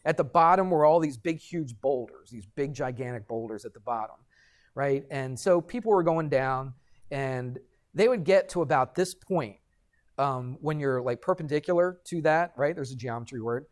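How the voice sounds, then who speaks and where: A middle-aged man, a math teacher, telling a story to his class and lecturing in an animated way, checking in with students as he goes. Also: medium pitch, normal speed. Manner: animated, addresses students directly with frequent "right?".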